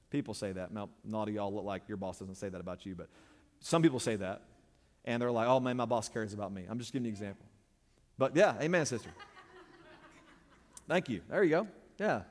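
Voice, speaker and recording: A man preaching a sermon, emphatic and conversational, pressing points with call-and-response to the congregation. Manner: emphatic, call-and-response, surges louder and higher on key points. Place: church sanctuary. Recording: long reverb of a church hall.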